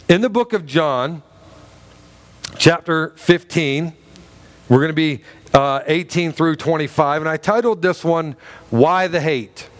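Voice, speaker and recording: A middle-aged man preaching a sermon as pastor, chatty and joking, with frequent restarts and laughs. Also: on the high side.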